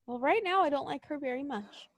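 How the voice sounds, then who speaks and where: A woman's voice: high voice, animated, brisk, no echo, studio quality. A young woman co-hosting a wrestling podcast, ranting and swearing in exasperated casual chat. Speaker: podcast co-host.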